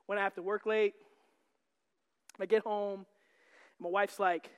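High-voiced preacher man in a reverberant hall. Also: flat delivery, a little slow, clean tone. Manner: joking and teasing, rising to shouts. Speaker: pastor. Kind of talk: sermon. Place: church sanctuary.

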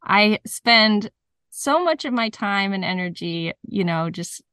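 A woman's voice: mid-range voice, expressive, slow, pushed and bright, clean tone, no room sound, clean studio sound. A woman hosting a podcast, thanking her guest and reading out a listener's question. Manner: friendly, reads listener question. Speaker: podcast host. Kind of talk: interview questions.

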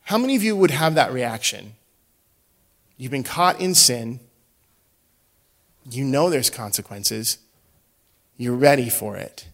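A middle-aged man preaching a sermon as a pastor, telling a story and swinging between hushed and loud delivery. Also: mid-range voice, animated, slow, pauses often.

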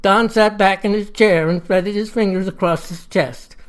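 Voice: mid-range voice, fairly even intonation, normal speed, clean tone. A storyteller narrating a satirical tale with dry, wry asides.

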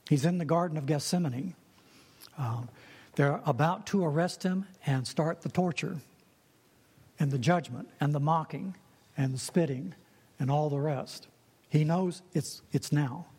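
A man's voice: on the high side, a little slow, darkish tone, slightly rough. A man preaching a sermon in an earnest way, repeating key phrases for emphasis. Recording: long reverb of a hall.

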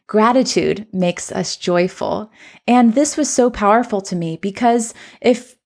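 An earnest, reflective woman tells a story from her years as a teacher. Her voice sits at a middle pitch, and she talks in a personal podcast style. She now works as a coach. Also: expressive, measured pace, darkish tone. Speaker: former teacher turned coach and trainer.

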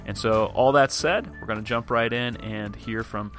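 A man's voice: mid-range voice, normal speed, a bit bright, soft background music. A man hosting a podcast, telling a personal story in a chatty way and acting out his own thoughts as he goes. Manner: chatty, acts out his own thoughts in quotes, frequent restarts. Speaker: podcast host. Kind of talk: casual storytelling and show intro. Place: home or office.

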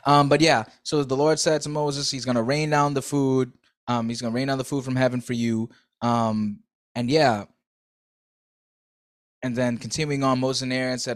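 A man's voice: mid-range voice, moderate pace. A man hosting a solo podcast, reading a Bible passage aloud and then talking it over loosely and chattily. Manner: loose and chatty, full of "like" and "bro". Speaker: podcast host. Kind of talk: Bible reading and casual commentary.

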